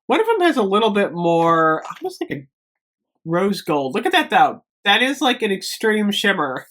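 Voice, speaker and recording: A woman's voice: medium pitch, very animated, normal speed, fairly bright tone. A woman in her fifties, a beauty vlogger chatting casually and gushing through a product unboxing at home. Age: 50s. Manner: chatty and gushing, many ums.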